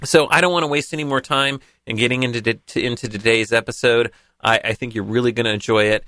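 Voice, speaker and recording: Hosting a laid-back tech podcast, a man with a medium-pitched voice talks quickly and chats easily with his guests. He delivers a sponsor read conversationally, and the recording has no room sound.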